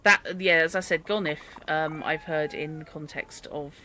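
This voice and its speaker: In this let's-play commentary, a streamer talks while gaming, wondering aloud about where words come from and how the characters look, reading dictionary entries, rambling and calling out to a cat. The mid-range voice holds a steady tone at a moderate pace, sounding pushed and bright. A little hiss or hum runs under it.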